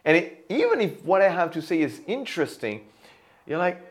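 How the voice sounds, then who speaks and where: A man teaching how to place the voice for sales, explaining with a pen example in an animated way. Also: high-pitched, moderate pace. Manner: animated, demonstrates loud and whispered voices. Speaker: voice and sales coach. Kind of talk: teaching monologue.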